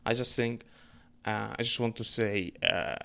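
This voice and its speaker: A young man from Egypt, telling a story in a casual, profane, rambling rant full of fillers and quick bursts. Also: lowish voice, steady tone, vocal fry, bright, forceful tone, clear, resonant tone.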